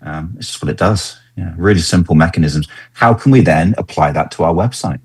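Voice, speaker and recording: A man with a very low, husky voice talks casually as a podcast guest. He gets animated when he acts out the things people say. The sound is close and dry. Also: brisk, no echo. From Britain. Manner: enthusiastic, animated when acting out quotes. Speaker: engagement consultant, podcast guest. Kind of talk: casual conversational interview.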